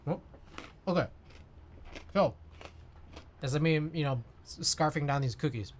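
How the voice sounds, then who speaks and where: A man's voice: on the high side, animated, a little slow, long pauses, a little hiss or hum. A man chatting casually on his livestream, rambling with lots of fillers and answering chat. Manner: rambling, many fillers, reads chat aloud.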